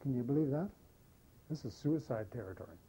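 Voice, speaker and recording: Older man telling war stories, mellow voice. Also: mid-range voice, a little fast, slightly rough, low-quality recording. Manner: lively anecdotal storyteller, animates quoted dialogue. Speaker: war veteran interviewee. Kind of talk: oral history storytelling.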